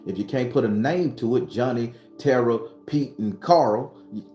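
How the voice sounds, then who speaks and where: A man's voice: mid-range voice, moderate pace, dark tone, soft background music. Man, tarot reader, profane preacher-like repetition, casual motivational monologue, roomy echo. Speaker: spiritual vlogger and tarot reader. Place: sitting behind his home studio.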